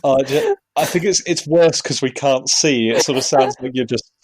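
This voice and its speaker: A host leading a casual film club discussion over a video call, chatty and quick to laugh. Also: mid-range voice, darkish tone, husky, no echo.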